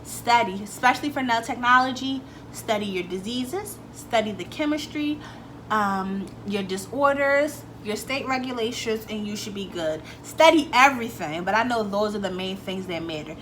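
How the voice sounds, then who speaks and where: Young woman vlogger, bright and slightly high voice, chatty storyteller, faint background ambience. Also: normal speed, a little hiss or hum. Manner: chatty, animated, swears freely, acts out quotes. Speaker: beauty vlogger. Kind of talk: casual storytelling vlog.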